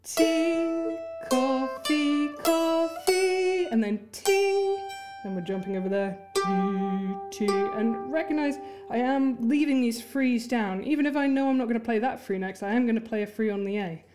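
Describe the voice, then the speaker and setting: A woman's voice: fairly high pitch, steady tone, moderate pace, few pauses. A woman teaching an instrument lesson, friendly and encouraging, counting and chanting rhythm words as she plays. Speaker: music teacher. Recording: music playing under the voice.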